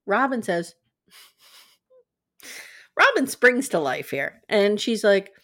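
Woman podcast host, sarcastic recap chat, salty language, mid pitch. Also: very animated, takes it slowly, pauses often, a bit bright. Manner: sarcastic, swears freely.

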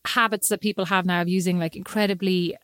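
A middle-aged woman chatting casually as a podcast co-host, animated and prone to acting out quoted asides. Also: lowish voice, fast, dry recording, studio quality. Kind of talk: casual chat.

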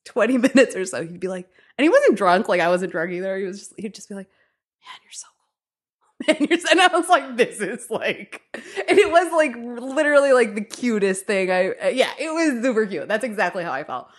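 A woman's voice: mid-range voice, brisk. A woman in her thirties, a romance author and podcast guest, telling a dating story in casual chat, giggling often and acting out the others in the story. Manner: giggly, animated, quotes others in raised voice.

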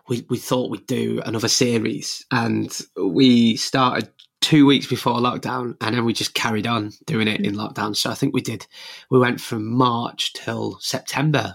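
A young man talks in a relaxed, chatty way, breaking into laughs often. His voice sits at an ordinary middle pitch for a man, and he sounds easygoing throughout. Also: moderate pace, creaky. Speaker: podcast host and radio presenter. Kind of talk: casual interview chat.

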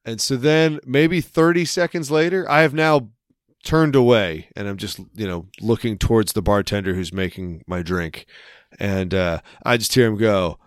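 A man tells a meandering story in casual podcast chat and laughs easily along the way. His voice is smooth and resonant, recorded close and dry with no room sound. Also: lowish voice, normal speed, dry recording. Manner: rambling storyteller, laughs often, puts on voices in anecdotes.

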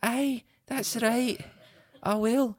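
A sweet-talking Scottish wife, as a man puts her on, pitched well above his own low voice and laying the devotion on thick. The mock Scottish accent is broad and exaggerated, and the sound is close and dry. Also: steady tone, extremely slow, dry recording, full character voice. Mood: breezy. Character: teasing Scottish wife, adult woman.

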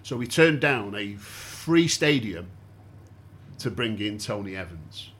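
Lower-voiced man hosting a chat show. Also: slow pace, a little hiss or hum. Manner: walks listeners through events, steady and explanatory. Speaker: podcast host. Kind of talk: casual chat.

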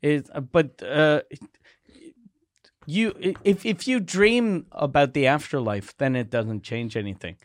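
A man on a podcast chatting casually, halting with frequent restarts. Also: on the high side, animated, dry recording. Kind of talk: casual chat.

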